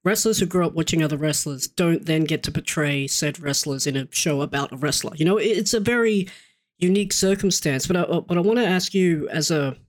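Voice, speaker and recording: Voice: medium pitch, brisk. A podcast host asking a long, rambling question with many restarts. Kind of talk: interview questions.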